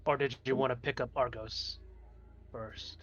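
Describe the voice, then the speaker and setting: A man playing in a tabletop game, calm and practical, on a dull lo-fi mic. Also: mid-range voice, measured pace, soft background music. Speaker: player.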